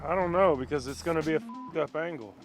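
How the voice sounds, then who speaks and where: A man's voice: on the high side, quick pace, over music. Blunt man giving orders outdoors. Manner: bossy, directing, blunt. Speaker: vlog co-host. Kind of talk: casual chat while working.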